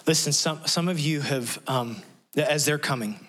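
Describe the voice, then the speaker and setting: In a church sanctuary, a middle-aged male pastor preaches an impassioned sermon, acting out the voices of the people in his story. His voice is on the high side and a bit bright, at a moderate pace.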